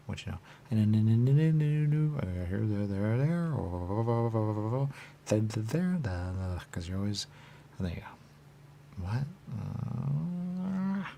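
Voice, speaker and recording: A man hosting a radio show, rambling in a repetitive monologue with sudden loud outbursts. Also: deep voice, creaky, a little hiss or hum. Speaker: radio host. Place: radio studio.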